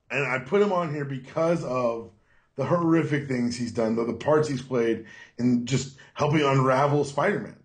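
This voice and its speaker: A man co-hosting a casual podcast about comic books, talking in a relaxed way. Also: medium pitch, unhurried, long pauses. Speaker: podcast co-host. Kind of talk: casual comic book chat.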